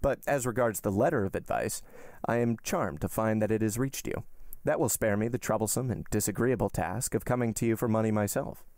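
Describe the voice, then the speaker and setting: A man voicing a suave, ironic wealthy count in an audiobook reading, smooth and politely mocking. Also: on the low side, a little fast, darkish tone, no echo, clean studio sound, natural voice. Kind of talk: audiobook character voice.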